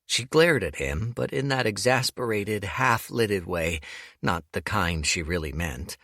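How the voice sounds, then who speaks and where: A man narrating an audiobook in an expressive, storytelling manner. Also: on the low side, measured pace, no room sound, studio quality.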